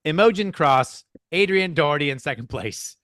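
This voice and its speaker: Casual podcast co-host, male, playful and excitable, lively pitch, higher voice, dry close sound. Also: normal speed, no room sound. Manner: playful, excitable, stumbles over names.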